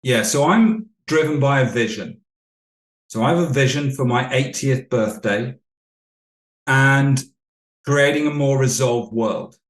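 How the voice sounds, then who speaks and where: Male coach guest, mid pitch, measured storyteller, roomy echo. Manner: measured, explanatory, anecdotal. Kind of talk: podcast interview storytelling.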